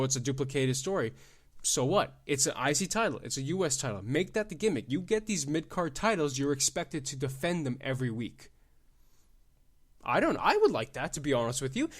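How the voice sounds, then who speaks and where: A young man hosts his own podcast alone, ranting in a loose, profane way. He jumps from loud, excited outbursts to low mumbling asides and keeps laughing at his own jokes. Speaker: podcast host. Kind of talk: casual solo podcast rant.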